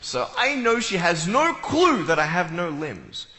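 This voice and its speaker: Bright-voiced man joking in an echoey hall. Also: high voice, sing-song, measured pace. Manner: joking, playful storyteller. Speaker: motivational speaker. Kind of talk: comic talk to a live audience. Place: large hall with an audience. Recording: echoey hall with long reverb.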